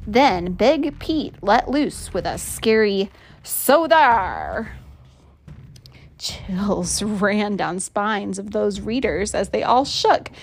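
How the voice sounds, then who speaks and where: A woman reading a children's picture book aloud, with expressive storytelling. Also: mid-range voice, takes it slowly, hardly any pauses, slightly rough.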